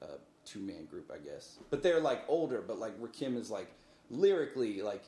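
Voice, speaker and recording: A man talking casually as a podcast guest, animated and jokey, breaking into silly voices. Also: lowish voice, moderate pace, echoey room. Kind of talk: casual chat. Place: podcast studio.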